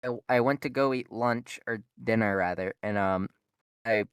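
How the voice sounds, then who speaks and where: A man's voice: lowish voice, normal speed, clear, resonant tone, dry recording. A young man, a podcast co-host, telling a rambling story in casual chat, full of fillers and swearing. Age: young adult.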